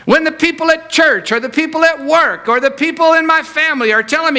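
Emphatic high-voiced male pastor. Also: fairly quick, few pauses. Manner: swings between loud emphatic peaks and quiet low asides. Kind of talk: sermon. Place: church service.

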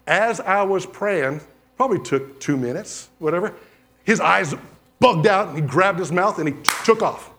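A pastor, a man, preaching a sermon and telling testimony stories with lively storytelling and acted-out dialogue. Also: high voice, normal speed. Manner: animated storytelling, acts out quoted dialogue.

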